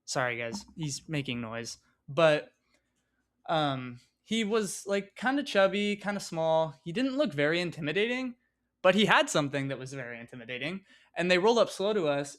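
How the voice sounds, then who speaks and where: A man's voice: fairly high pitch, lively intonation, normal speed, a bit bright. A young man telling a personal story in a casual, rambling way, full of fillers and swearing. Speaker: vlogger.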